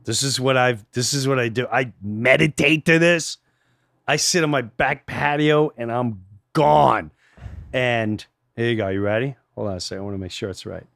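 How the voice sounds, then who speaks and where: A middle-aged man chatting casually on a podcast as a guest comedian, an animated storyteller who acts out voices and swings from loud bursts to near whispers. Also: medium pitch, moderate pace, gravelly, dry recording, clean studio sound. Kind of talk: casual chat.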